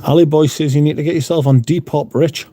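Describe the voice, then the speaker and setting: Sweary man with a dark, mellow voice. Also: a little high, fairly even intonation, fairly quick, a little hiss or hum. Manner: sweary, blunt. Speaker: livestream host. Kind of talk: casual chat reading out viewer comments. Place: room at home.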